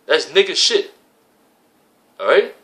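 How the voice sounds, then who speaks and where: A man's voice: on the high side, sing-song, slow pace, fairly bright tone. A man in an impassioned spoken rant to his religious brothers, repetitive and profane, tacking "man" onto his sentences. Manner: heated, repetitive, profane, keeps adding "man". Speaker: religious community member addressing his brothers.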